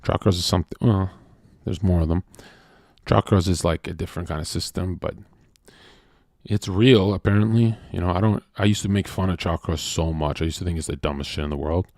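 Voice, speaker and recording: A man hosting a livestream and talking to his chat in a blunt, profane rant that swings from shouting to low muttering. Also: brisk, no echo, studio quality.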